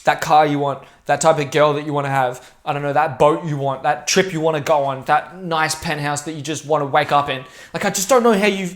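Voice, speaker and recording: A young man talking straight to camera in a rambling, profane, intense and emphatic monologue. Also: on the high side. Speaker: vlogger.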